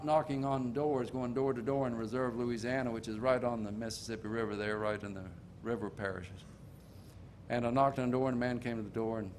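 An older man delivers a sermon as a string of homespun stories. His voice sits at an ordinary middle pitch, and he slows down deliberately to drive each point home. A faint low rumble runs under the recording. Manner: folksy storytelling preaching, slowing for emphasis. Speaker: preacher.

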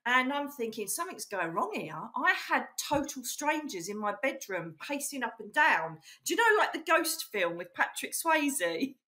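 A woman's voice: sits high, sing-song, normal speed, few pauses, sharp tone. A middle-aged woman from England, a psychic medium, telling her life story in a chatty, emphatic way, full of "you know" and "literally". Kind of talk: casual storytelling interview.

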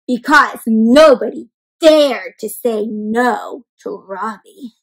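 High-voiced woman reading aloud to kids. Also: moderate pace, low-quality recording. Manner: expressive, often gasps, asks kids questions. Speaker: children's storyteller. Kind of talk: interactive read-aloud for kids.

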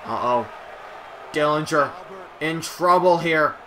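A man giving playful, jokey play-by-play commentary on a wrestling video game, shouting at the big moments. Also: on the high side, slow pace.

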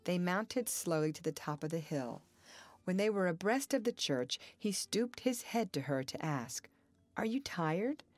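A woman reading a classic novel aloud as an audiobook narrator, in a measured and expressive way. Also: fairly low pitch, dry recording. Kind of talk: scripted narration.

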